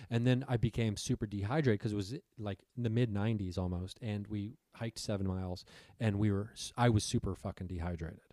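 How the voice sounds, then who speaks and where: A man's voice: lowish voice, steady tone, brisk, warm tone, dry recording, clean studio sound. A man telling a long rambling story in casual chat, swearing freely and acting out what people said.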